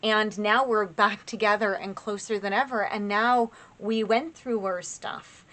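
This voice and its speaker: A woman's voice: medium pitch, steady tone, unhurried, a bit bright. A woman giving a casual spoken tarot reading, chatty and encouraging, talking straight to her viewers with loose phrasing. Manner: chatty and encouraging, addresses viewers as "you guys"; loose, with frequent fillers and restarts. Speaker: tarot reader.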